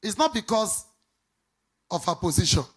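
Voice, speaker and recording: A woman's voice: mid-range voice, very animated, husky. A woman pastor with a Nigerian accent, preaching a sermon in a sing-song way and quizzing the congregation for answers. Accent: Nigerian English. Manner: emphatic, drawn-out stressed words. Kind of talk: preaching sermon with call-and-response.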